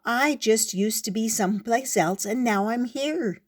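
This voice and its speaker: A woman's voice: a little high, a little slow. A woman voicing a cheerful, rambling male fly who is a bit dim. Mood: chirpy, rambling.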